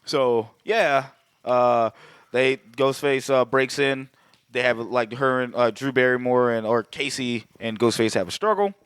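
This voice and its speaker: A man's voice: mid-range voice, a little slow, a bit bright, smooth, no echo, clean studio sound. A man co-hosting a podcast, recapping in loose, profane casual chat with frequent laughter. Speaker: podcast co-host.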